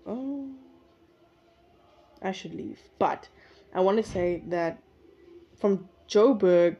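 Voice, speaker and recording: A woman's voice: mid-range voice, expressive, slow, lo-fi sound. Rambling young woman. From South Africa. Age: young adult. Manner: rambling, reflective, often corrects herself. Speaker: podcast host. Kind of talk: casual solo podcast monologue. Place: indoors at her usual recording spot.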